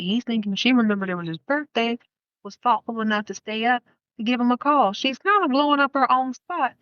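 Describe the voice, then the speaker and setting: A woman's voice: fairly high pitch, fairly quick, a bit bright, no room sound, dull audio. A woman hosting a casual film review podcast, retelling the story in a playful, slangy way with plenty of asides. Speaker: podcast host.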